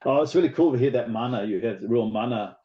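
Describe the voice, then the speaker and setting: A man's voice: mid-range voice, fast. Kiwi man with a dull lo-fi sound. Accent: New Zealand, a little American. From New Zealand. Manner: chatty, enthusiastic, long winding questions. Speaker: interview host. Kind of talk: casual interview chat.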